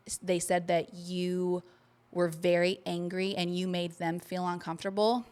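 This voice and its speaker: A woman's voice: fairly low pitch, fairly bright tone. A woman co-hosting a podcast, telling a long personal story in casual chat and swearing freely. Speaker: podcast co-host.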